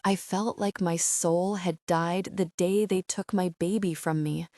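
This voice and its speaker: Slow, low-voiced woman audiobook narrator. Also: fairly even intonation, warm tone, no room sound, clean studio sound. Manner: slow, sorrowful, measured reading.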